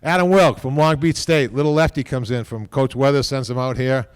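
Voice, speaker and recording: A man speaking at a podium microphone during an induction ceremony, rambling informally, repeating himself and tagging lines with a quick "okay?". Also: medium pitch, steady tone, clean tone, dry recording. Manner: repeats words and restarts often. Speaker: team executive giving induction speech.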